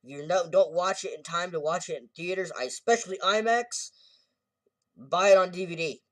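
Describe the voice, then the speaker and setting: A man's voice: sits high, moderate pace, dry recording. Man, casual movie review, rambling and self-correcting, distant mic, dry sound.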